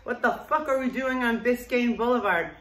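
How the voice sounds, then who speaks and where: A woman telling a personal story in a blunt, profane and animated way. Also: fairly high pitch, moderate pace. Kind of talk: casual spoken memoir. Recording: roomy echo, distant mic.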